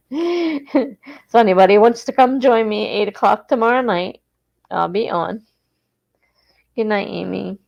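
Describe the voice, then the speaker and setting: Taking her time, the woman speaks in a creaky, darkish mid-range voice with frequent pauses, captured in lo-fi sound. An East Coast American hosting writing sprints on a casual livestream, she rambles and corrects herself while getting sleepy.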